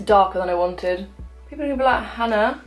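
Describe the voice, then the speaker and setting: A woman in her twenties chatting casually through a makeup tutorial, self-mocking and talking as she applies products at home. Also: mid-range voice. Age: 20s. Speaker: beauty vlogger.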